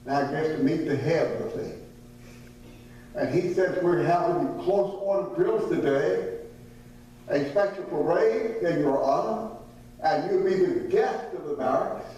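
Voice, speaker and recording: Folksy Southern preacher in an echoey hall. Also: male voice, on the high side, dark tone, dull audio. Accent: American Southern. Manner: folksy, humorous anecdotes, acts out quoted voices. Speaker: visiting missionary preacher. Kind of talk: sermon storytelling. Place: church sanctuary. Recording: echoey church hall from far off, faint hum.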